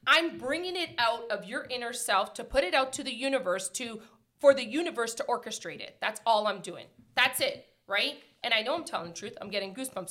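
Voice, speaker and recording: Bright-voiced emphatic woman, casual chat. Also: fairly high pitch. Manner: emphatic, animated storytelling, frequent "like".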